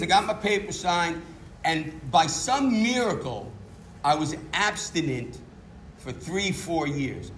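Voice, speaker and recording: A middle-aged New Yorker serving as meeting speaker gives an honest, self-mocking account of his recovery. His voice is a little high with a fairly bright tone, over slight background noise.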